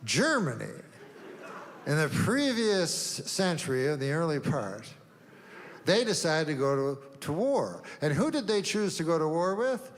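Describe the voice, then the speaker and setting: Deadpan stand-up man in a reverberant hall. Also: on the high side, a little slow. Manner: deadpan, rambling delivery with long setups. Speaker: stand-up comedian. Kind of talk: stand-up routine. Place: comedy stage before a live audience. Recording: long hall reverb, faint noise.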